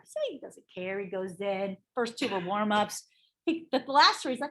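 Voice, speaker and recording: A middle-aged woman teaching a live real estate sales class, animated and often checking in with her listeners. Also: a little high, moderate pace, slightly rough. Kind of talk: live training talk to a class.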